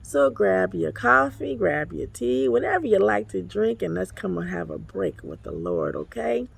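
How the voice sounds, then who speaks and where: A woman who serves as an apostle and ministry overseer records herself on her phone by the water behind an apartment complex, giving a folksy, exclamatory devotional and addressing listeners as honey and y'all. Her medium-pitched voice is sing-song, gravelly and a bit breathy, at normal speed.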